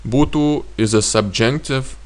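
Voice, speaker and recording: A man with a Lithuanian accent teaching grammar in a slow, halting way with frequent fillers. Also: medium pitch. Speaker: language teacher.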